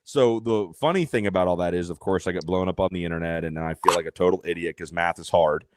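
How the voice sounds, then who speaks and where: A man guesting on a podcast, telling an animated, self-deprecating story with lots of fillers and restarts. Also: deep voice, quick pace, noisy background. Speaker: podcast guest, race announcer.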